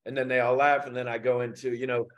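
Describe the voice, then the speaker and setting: A man's voice: mid-range voice, level tone, fast, muffled recording. A man with a slight Indiana drawl, a stand-up comic telling stories loosely and with a lot of swearing in a casual interview. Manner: loose and profane, storytelling. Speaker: stand-up comedian and show producer.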